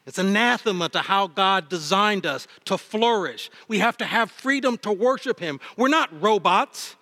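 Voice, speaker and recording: A man preaching a sermon as pastor, with impassioned delivery that swings between fervent highs and low, emphatic lines. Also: animated, moderate pace, bright, forceful tone. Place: church sanctuary. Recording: long reverb of a church hall. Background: hall reverb.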